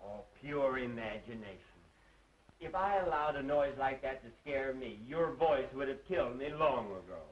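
A man's voice: medium pitch, animated, moderate pace, muffled recording, lightly acted. Man playing a sardonic, teasing secretary. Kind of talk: 1930s film acting. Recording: distant roomy 1930s film soundtrack.

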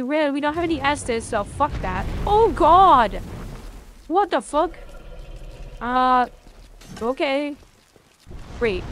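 High-voiced, excitable streamer woman. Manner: excitable, swears often, talks to chat. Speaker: game streamer. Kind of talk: live gameplay commentary.

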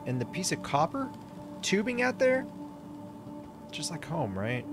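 A man giving excited, chatty commentary while playing a space game, reacting aloud to everything he sees. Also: mid-range voice. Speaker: gaming YouTuber. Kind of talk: casual gameplay commentary. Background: game music.

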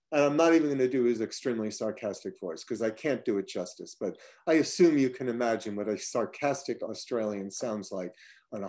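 A man reads his own travel writing aloud at a mid-range pitch. He takes his time, slowing down to savor long lists, and now and then drops into an offhand, chatty aside before going back to the text. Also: a little mellow. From United States (upstate New York). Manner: measured reading, slowing on lists, with casual spoken asides. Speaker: writer reading his own work. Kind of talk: reading a personal travel essay aloud.

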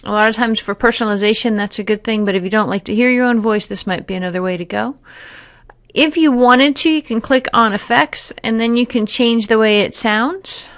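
A woman narrating a software tutorial, explaining each step plainly with occasional fillers. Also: fairly high pitch, fairly quick. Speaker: teacher giving a software tutorial. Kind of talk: screen-recorded tutorial narration.

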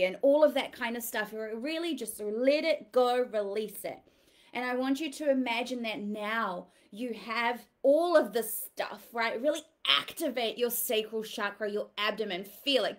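Woman mentor, high, slow, earnest guided visualization. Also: lively intonation. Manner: earnest, coaxing, rising to fervent urging. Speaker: women's empowerment mentor.

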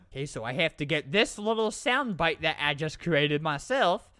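A man giving trolling commentary over online gameplay, talking hyper and yelling into the microphone. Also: a little high, brisk, hardly any pauses, clean tone. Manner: hyper, yells into the mic. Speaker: gaming YouTuber.

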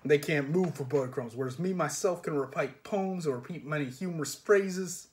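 Storybook raven, male, grumbling and boastful, rough-spoken, read by a man. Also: on the high side, normal speed, natural voice. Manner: rough, complaining.

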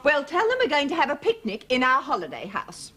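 A bossy, long-suffering wife who snaps out sharp orders. Her voice is high and swoops in a lively way in a studio sitcom. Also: brisk, heavily acted. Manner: sharp, commanding. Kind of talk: 1980s studio sitcom acting.

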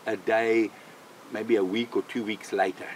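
An older man, a missionary, telling a personal faith testimony in an animated way, repeating phrases for emphasis. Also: on the low side, unhurried, slight background noise, poor audio. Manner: animated, vivid storyteller who repeats himself for emphasis.

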